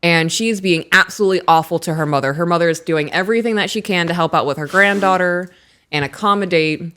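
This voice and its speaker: A woman in her thirties co-hosting a podcast, chatting casually, reading aloud from a book and acting out what people said in animated stories. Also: on the low side, quick pace, clean tone. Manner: animated storyteller who acts out quotes. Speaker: podcast co-host.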